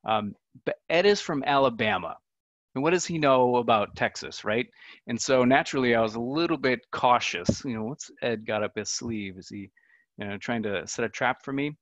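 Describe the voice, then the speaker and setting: A man gives a casual talk to a remote audience. He chats, jokes at his own expense and leans on fillers. His medium-pitched voice comes through dull, dry webinar audio with no room sound. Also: moderate pace, dry recording. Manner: chatty and self-deprecating, with many fillers. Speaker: conference speaker.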